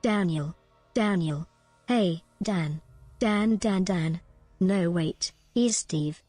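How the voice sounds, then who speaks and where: A woman putting on a gruff taunting warlord. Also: fairly low pitch, darkish tone, no room sound, soft background music. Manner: slow, drawn-out taunting calls. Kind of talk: comic voice during game stream.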